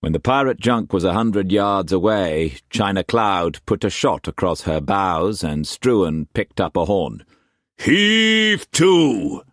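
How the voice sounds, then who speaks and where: A man narrating an audiobook in a measured, expressive storytelling manner. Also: low voice, no room sound, clean studio sound. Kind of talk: scripted narration.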